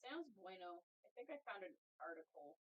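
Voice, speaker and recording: A woman's voice: fairly low pitch, big pitch swings, brisk. A woman co-hosting a podcast in casual chat, loose, giggly and swearing freely. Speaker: podcast co-host. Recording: dull lo-fi mic.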